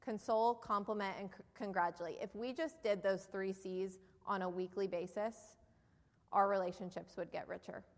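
A woman with a New Jersey accent speaks to an audience from a stage in an event hall, and her voice trails off into a long reverb. Her pitch sits in an ordinary middle range for a woman. She makes her case in an earnest, persuasive way and keeps putting questions to the room. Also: fairly even intonation, normal speed. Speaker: keynote speaker. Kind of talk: motivational business presentation.

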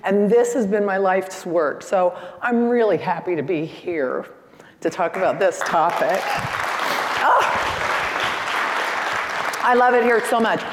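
A woman's voice: medium pitch, expressive, unhurried, pauses often, a faint crowd, a little hiss or hum. Enthusiastic woman speaking in a hall. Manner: enthusiastic, chatty, engages audience with questions. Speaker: seminar speaker. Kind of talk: live seminar talk with audience. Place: conference hall stage. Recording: echoey hall.

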